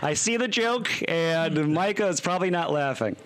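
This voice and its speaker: Casting note: joking male podcast co-host, voice a little high. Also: animated, normal speed, a loud crowd. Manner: jokey interviewer, laughs a lot. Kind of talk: casual comedic banter.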